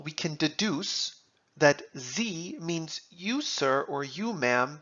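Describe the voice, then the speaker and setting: A man teaching German grammar, reading example sentences and translating them in a slow, deliberate lesson. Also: fairly high pitch, fairly bright tone, lo-fi sound.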